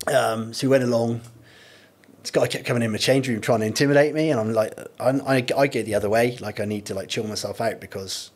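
A man's voice: medium pitch, quick pace. A man, a podcast guest, telling anecdotes in a laid-back way, swearing freely. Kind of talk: casual storytelling.

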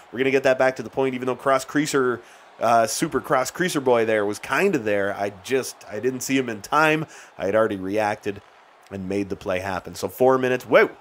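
A man talks through his hockey video game session in a loose, chatty way, laughing now and then. His pitch sits in the middle range, and at big plays his voice jumps up into shouts. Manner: excitable, shouts at big plays, chuckles often. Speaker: gaming YouTuber. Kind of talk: let's-play commentary.

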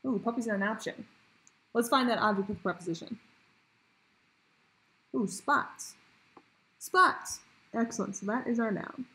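A woman teacher talking pupils through a grammar worksheet in a clear, patient question-and-answer way. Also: on the high side, fast talker, fairly bright tone, low-quality recording. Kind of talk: recorded grammar lesson for pupils.

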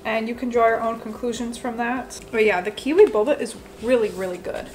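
A woman's voice: a little high, steady tone, brisk, slight background noise. A young woman in her twenties chatting her way through a home cooking vlog, rambling and self-deprecating, with lots of "like" fillers. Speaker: cooking vlogger. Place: home kitchen.

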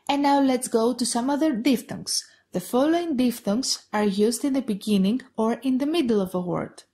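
A woman with a Greek accent teaching pronunciation on a podcast, saying each example word slowly and repeating it twice. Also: high voice, a little mellow. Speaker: Greek language tutor. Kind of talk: podcast lesson.

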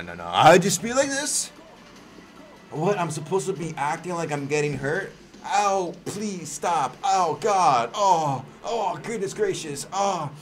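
A man hosting a casual livestream, reacting to wrestling, swearing freely and breaking into loud yells. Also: medium pitch, a little hiss or hum. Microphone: desk microphone.

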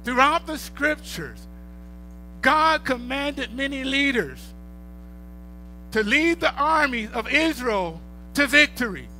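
A man's voice: very high-pitched, sing-song, slow, long pauses, bright, forceful tone, faint music behind. A middle-aged male pastor, preaching a sermon with rising bursts of volume and storytelling.

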